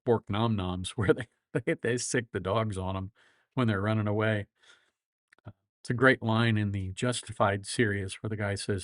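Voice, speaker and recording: A middle-aged man with a flat Midwestern accent, a lawyer hosting a casual livestream, rambling through folksy stories and chuckling often. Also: lowish voice, dry recording, clean studio sound. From grew up all over the world.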